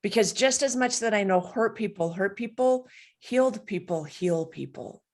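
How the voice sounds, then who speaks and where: A middle-aged woman coach answering interview questions, earnest and animated, telling personal stories with light laughs. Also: medium pitch, moderate pace. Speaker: guest, coach and speaker.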